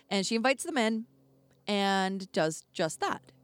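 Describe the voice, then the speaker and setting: A woman's voice: a little high, measured pace, no room sound. Chatty woman podcast co-host. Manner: relaxed, chatty, lightly profane. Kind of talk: casual storytelling.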